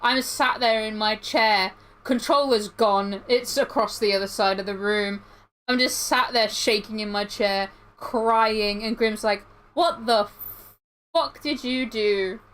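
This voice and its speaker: A woman's voice: mid-range voice, steady tone, a little slow, a bit bright, slight background noise, rough recording. A young woman, rambling through a story while livestreaming, with lots of fillers and restarts. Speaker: streamer.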